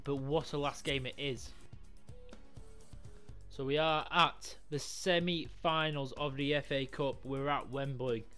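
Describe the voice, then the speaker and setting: A man commentating his own football video game run, swinging from calm talk to swearing and yelling at the screen. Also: medium pitch, a little slow. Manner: excitable, sweary, yells at the game. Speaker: gaming YouTuber. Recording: music playing behind.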